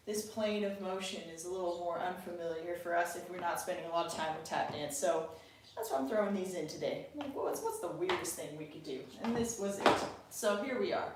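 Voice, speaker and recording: A woman's voice: mid-range voice, noisy background. A woman teaching an online tap dance class from home, chatty, counting beats aloud and often checking in with her students. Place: home room by a window, birds outside. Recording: echoey room, distant mic, loud tapping. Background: tap sounds and birdsong.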